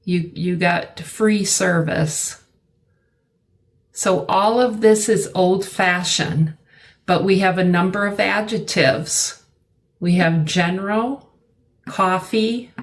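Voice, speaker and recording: A middle-aged woman teaching a vocabulary lesson, slow and deliberate, repeating words for her learners. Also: fairly low pitch.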